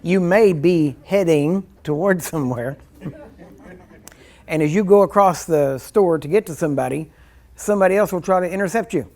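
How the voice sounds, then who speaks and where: Speaking at normal speed in a slightly high voice with a darkish tone, a man leads a ministry class in a loose, wandering, chatty manner. It's an informal teaching sermon, and he chuckles while playacting small scenes.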